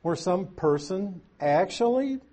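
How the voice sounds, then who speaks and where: A man's voice: high voice, expressive, slow pace, mellow. A man teaching through Bible verses in a conversational way, with folksy asides and strong emphasis on key words.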